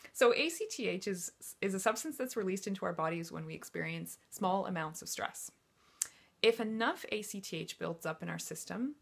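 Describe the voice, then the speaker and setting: A woman life coach giving a lively, frank and chatty talk to an audience. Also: medium pitch, creaky.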